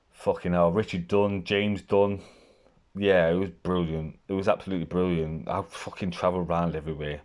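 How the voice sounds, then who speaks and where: A deep-voiced man recounts his past in a loose, rambling monologue. He is blunt and candid, and he swears constantly as he talks. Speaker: vlogger telling his life story. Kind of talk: casual storytelling.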